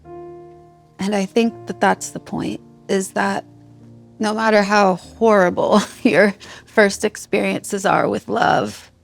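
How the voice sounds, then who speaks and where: A woman's voice: mid-range voice, little pitch movement, takes it slowly, gravelly, faint music behind. A woman in her thirties, a musician, candidly telling a raw personal story, heartfelt and swearing freely. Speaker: guest musician.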